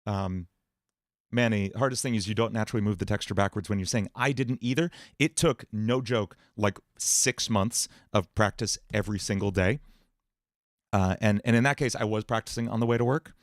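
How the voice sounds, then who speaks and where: A man hosting a livestream Q&A about singing and voice, explaining in a relaxed way with many fillers. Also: fairly low pitch, normal speed, no room sound, clean studio sound. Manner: relaxed explaining, many fillers, breaks into sung and put-on voice demos. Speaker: music producer and livestream host.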